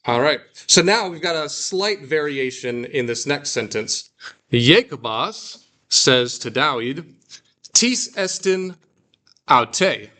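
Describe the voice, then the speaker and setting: A man teaching a classroom, drawing out phrases slowly for the class to repeat. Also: medium pitch, lively intonation, sharp tone. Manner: slow, drawn-out model phrases for repeating. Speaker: Greek teacher.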